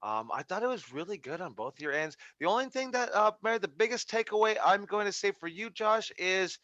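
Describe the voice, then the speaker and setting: A man coaching wrestling students over a video call, his voice fairly high and bright. He rambles and restarts often, and the audio is dull and dry, like a lo-fi call. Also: animated, fairly quick, no echo. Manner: rambling, many fillers and restarts. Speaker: wrestling instructor.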